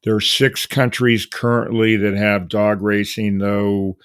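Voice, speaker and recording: Low-voiced man hosting a podcast, dry sound. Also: level tone, measured pace, fairly bright tone, clear, resonant tone, dry recording. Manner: casual, loose phrasing with restarts. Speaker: podcast host. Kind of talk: interview questions.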